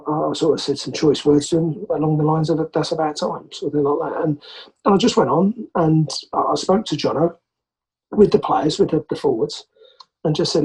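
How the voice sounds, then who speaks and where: This podcast guest, an English man who used to play rugby, narrates a story and brings each quoted person to life with animated voices. His tone is on the high side and a little rough, and the recording quality is rough.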